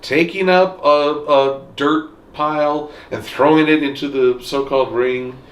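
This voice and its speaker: A man co-hosting a casual podcast chat, animated and jokey. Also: a little slow, roomy sound. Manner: animated, jokey, swings pitch widely. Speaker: podcast co-host.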